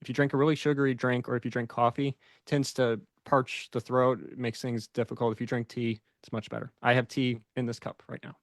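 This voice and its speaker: Measured, deliberate male presenter. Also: medium pitch, level tone, no echo, clean studio sound. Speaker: presenter, English professor. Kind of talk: casual group discussion.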